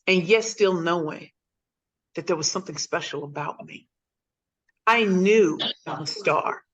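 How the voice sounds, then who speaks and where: A woman in her forties from St. Louis, USA, tells her life story as a video call guest speaker, emphatic and repeating phrases for effect. Her lowish voice is slightly rough and a little slow, heard through lo-fi sound.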